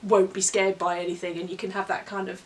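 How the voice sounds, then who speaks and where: A woman's voice: medium pitch, little pitch movement, quick pace. A woman co-hosting a casual children's book review, telling stories expressively and reading aloud with drama. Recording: voice a little far from the mic.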